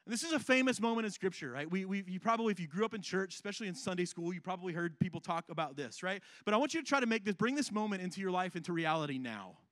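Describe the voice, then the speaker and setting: High-voiced male pastor, chatty and joking. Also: expressive, very fast, few pauses, a bit bright, no room sound. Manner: conversational and humorous, often checking in with "right?". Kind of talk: sermon.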